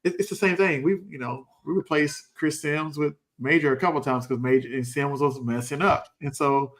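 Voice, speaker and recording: A man with a slightly higher voice, a coach on a sports talk show, breaks down plays emphatically. He talks in a folksy way and acts out what players might be thinking. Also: fairly even intonation, normal speed, a bit bright. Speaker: co-host and coach.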